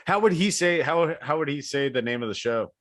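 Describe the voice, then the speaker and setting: A man's voice: on the high side, lively intonation, a little fast, fairly bright tone. Guy on a podcast, teasing his buddy, voice jumps around a lot. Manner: teasing, encouraging. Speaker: podcast co-host. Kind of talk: casual chat.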